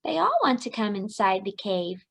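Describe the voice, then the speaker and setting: A woman preschool teacher reading a picture book aloud to young children and explaining it in an expressive way. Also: mid-range voice, normal speed, creaky, breathy edge.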